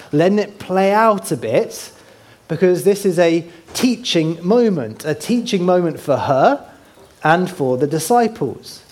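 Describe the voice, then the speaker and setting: A man's voice: high-pitched, a little mellow. A man preaching a sermon in a conversational way, asking his congregation questions and pointing them to a map. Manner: points to a map while teaching.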